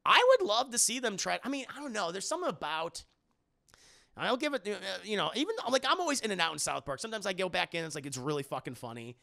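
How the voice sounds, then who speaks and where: A man's voice: sits high, big pitch swings, quick pace, vocal fry, pushed and bright, no room sound, studio quality. A young man streaming and chatting casually with his viewers, rambling, laughing often and swearing. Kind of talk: casual chat with live chat.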